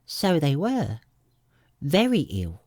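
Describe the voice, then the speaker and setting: A man voicing a sleepy, sulky little male dormouse in a storybook, with a hoarse, feeble, drowsy voice. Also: a little high, wildly swooping pitch, darkish tone, no echo, clean studio sound, voice pushed up, exaggerated voice. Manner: slow, drowsy, indignant.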